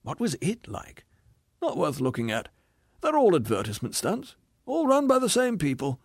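A man's voice: a little high, huge pitch swings, normal speed, dry recording, clean studio sound, heavily acted. A man voicing a bitter, cynical, hard-bitten male ghost who rants scornfully about being lied to. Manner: sneering, scornful, ranting complaints.

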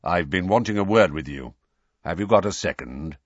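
A man voicing a brusque, calm senior male wizard officer who speaks in a deep, measured way, in a storybook reading. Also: husky, dry recording. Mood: casual. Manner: deep, measured, low-key. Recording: dull, dry lo-fi recording.

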